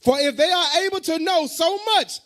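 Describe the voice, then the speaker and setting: A man reading scripture aloud in a class, halting and repeating words as he goes. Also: very high-pitched, a bit bright. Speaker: scripture reader.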